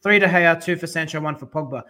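A man hosting a casual football fan podcast, jokey and animated, reading out listeners' picks by name. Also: on the high side, fast talker. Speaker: podcast host.

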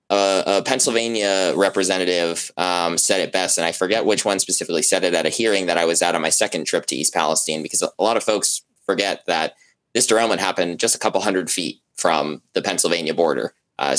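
A journalist with a very deep voice talks through his reporting as an interview guest. He speaks conversationally and haltingly, restarting his sentences. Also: fairly bright tone, low-quality recording.

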